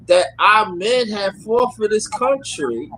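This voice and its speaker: A man's voice: sits high, animated, takes it slowly, sharp tone, a little hiss or hum, rough recording. A man with a New York accent, talking emphatically in a casual podcast discussion and often stammering and repeating words.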